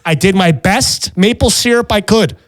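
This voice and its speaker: A man hosting a podcast, telling a story in a casual, animated, swearing and self-mocking way. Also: high-pitched, normal speed, dry recording. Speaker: podcast host.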